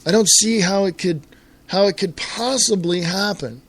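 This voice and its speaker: A middle-aged man from the United States hosts his internet radio talk show by himself, ranting in exasperation and repeatedly restarting his words as he grows heated. His voice is fairly high and bright with a breathy edge, and he keeps a moderate pace.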